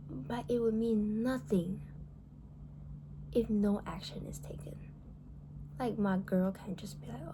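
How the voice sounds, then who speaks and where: A woman's voice: mid-range voice, unhurried, noisy background. A woman venting about relationships in a casual monologue, blunt and heated, swearing often and filling her talk with "like".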